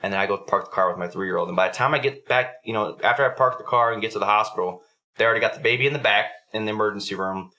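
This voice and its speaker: Man, young adult, podcast host, casual storytelling, profane, quick pace. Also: fairly low pitch, bright, forceful tone.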